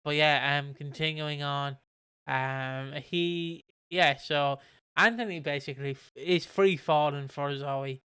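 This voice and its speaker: A man's voice: fairly high pitch, slow, sharp tone, smooth, dry recording, clean studio sound. Rambling man on a podcast. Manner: rambling, full of ums and swearing. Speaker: podcast co-host. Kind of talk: casual chat.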